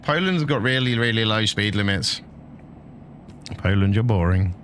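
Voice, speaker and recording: A man's voice: on the low side, lively intonation, normal speed, fairly bright tone, slight background noise. A middle-aged man chatting casually and jokily while streaming a truck-driving game, laughing often and bantering with his chat.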